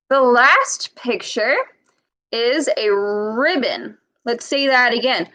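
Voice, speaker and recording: A woman reading a storybook to children and leading a speech lesson, modeling sounds slowly and patiently with exaggerated emphasis. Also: fairly high pitch, a bit bright, no room sound, poor audio.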